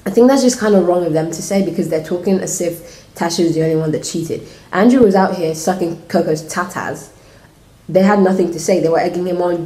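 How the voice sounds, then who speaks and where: A woman vlogging a casual, opinionated review, her lowish voice dark and mellow. She rants freely with lots of "like" fillers. The room around her is noticeably echoey. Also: fairly quick. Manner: opinionated ranting with many "like" fillers. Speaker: reality show reviewer. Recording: roomy echo.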